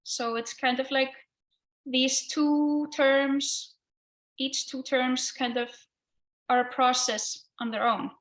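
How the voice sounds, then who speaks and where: Slow-speaking woman artist giving a talk. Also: sits high, steady tone, fairly bright tone. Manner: thoughtful, hesitant with fillers. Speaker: guest artist. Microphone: video call with headphones.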